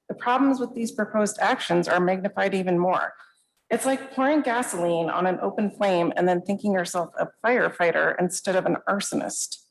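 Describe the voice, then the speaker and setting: A woman from Montana reads her prepared comment at a hearing in a measured, firm manner. Her voice carries a strong gravelly creak. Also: mid-range voice, low-quality recording. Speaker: public commenter.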